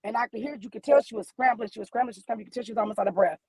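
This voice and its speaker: A middle-aged Midwestern mother phones in as a guest from her car, her voice high-ish, rapid, and husky. She tells a personal story with real feeling, animatedly performing the voices of the people in it. The recording is low-quality and has no room sound.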